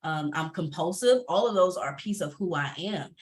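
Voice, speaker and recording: Woman panelist, lively and emphatic, laughs a lot, video call sound. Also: fairly low pitch, normal speed, slight background noise. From Atlanta area. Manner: animated, laughing, emphatic repetition. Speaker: panelist, entrepreneur and former teacher. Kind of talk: candid panel talk.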